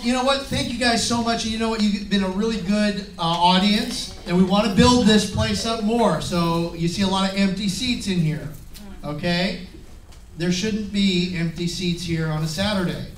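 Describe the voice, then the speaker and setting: Man, high-pitched emcee, loud and rousing; echoey room, distant mic, crowd murmur behind. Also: normal speed, slight background noise. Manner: loud, hyping up the audience. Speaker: event host. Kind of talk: emcee announcement. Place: meeting room with audience.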